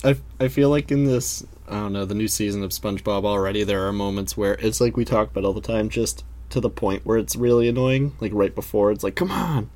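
A man's voice: on the low side, a little fast, few pauses, darkish tone. A man co-hosting a podcast who chimes in with jokes and laughs often during a casual recap. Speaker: podcast co-host.

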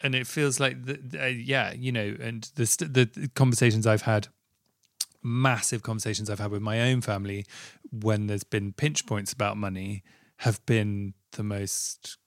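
A low-voiced man with a gravelly edge, hosting a podcast. He talks in an effusive, rambling way, full of restarts. The recording is close and dry. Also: steady tone, moderate pace, no echo. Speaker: podcast host. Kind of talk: casual interview and outro.

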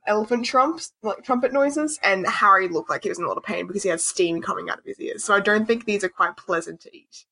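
A woman's voice: medium pitch, quick pace, creaky, hardly any pauses, pushed and bright, breathy edge. A blunt, opinionated woman in a casual chat with friends.

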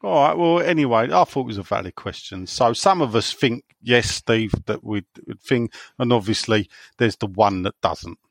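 A man's voice: medium pitch, normal speed, creaky, hardly any pauses, no echo, studio quality. A man from England hosting a casual podcast, reading out listener questions in a rambling, sweary way and laughing often. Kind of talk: casual chat.

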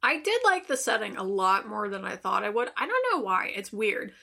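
A young woman co-hosting a casual podcast, musing in relaxed, rambling asides. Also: medium pitch, moderate pace, gravelly. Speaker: podcast co-host. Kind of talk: casual chat.

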